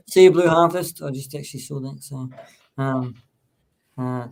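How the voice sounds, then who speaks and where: A man's voice: mid-range voice, unhurried, gravelly. A man hosting a casual live-streamed chat, talking loosely with many fillers and restarts. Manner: rambling, filler-heavy, warm thanks to chat. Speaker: host.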